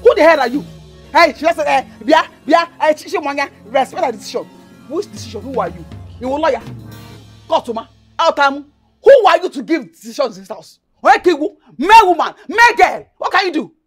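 An actress with a Nigerian accent playing a quarrelsome young woman who mocks and shouts in Pidgin. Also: high-pitched, lively intonation, a little fast, faint music behind. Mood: angry. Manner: mocking, repeats herself, shouts in Pidgin. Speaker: actress in a film. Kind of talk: Nollywood film drama.

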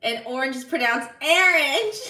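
A woman's voice: medium pitch, a bit bright, recorded from a distance. A woman live streamer in casual chat, bubbly and giggly as she reads viewer messages aloud. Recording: roomy sound, slightly off-mic.

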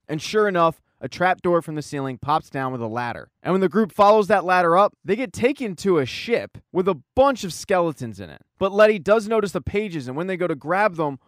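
A man giving a casual plot recap as the host of a show, telling the story briskly and quoting lines along the way. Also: a little high, no echo, studio quality.

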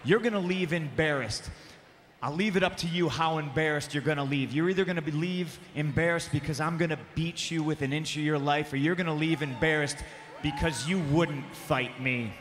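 A man with a high, piercing voice mocks his rival in a sneering wrestling promo and rises to shouts. He speaks into a handheld microphone in a large arena, with long reverb. A faint noise sits behind the speech. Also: moderate pace. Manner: taunting, mocking, often shouting. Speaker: pro wrestling champion.

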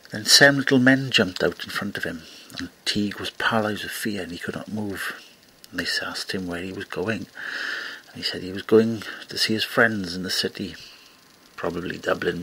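A low, gravelly male voice tells a folk tale at an unhurried pace, now and then restarting a phrase. His tone is bright and forward despite the depth, with faint ambience under the recording. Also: slight background noise, poor audio. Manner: unhurried storytelling with small restarts. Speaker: storyteller host.

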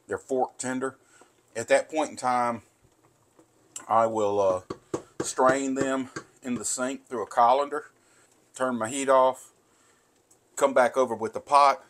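Folksy man cooking at home. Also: medium pitch. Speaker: cooking show host. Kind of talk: casual cooking tutorial. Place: home kitchen.

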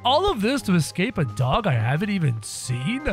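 A man giving let's-play commentary in a high, bouncy voice that leaps up and down in pitch. He cracks sarcastic jokes and exclaims at every obstacle. Faint game music plays in the background. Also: huge pitch swings, moderate pace. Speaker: gaming video host.

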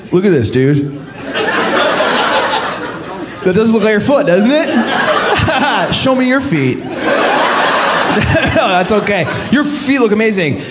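A man's voice: high-pitched, very animated, slow pace, pauses often. A man doing stand-up crowd work at a comedy club, teasing the audience and laughing at his own jokes. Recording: loud audience laughter and room noise.

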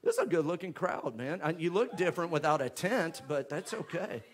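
Joking pastor, fairly high voice. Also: male voice, sing-song, brisk. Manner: joking, chatty, rising to loud fervent prayer. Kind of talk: church offering announcements and prayer. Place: church sanctuary with live congregation.

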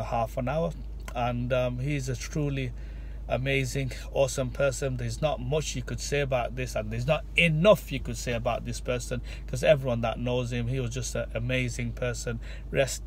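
A man's voice: medium pitch, a little mellow, a little hiss or hum. A man who vlogs and runs a restaurant, speaking in a casual tribute to camera with earnest, repetitive, heartfelt phrasing. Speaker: vlogger and restaurant owner.

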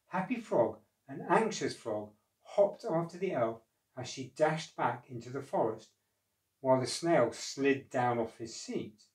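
A man reading a children's storybook aloud in a slow, gentle, expressive way. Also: medium pitch. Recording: echoey room, distant mic.

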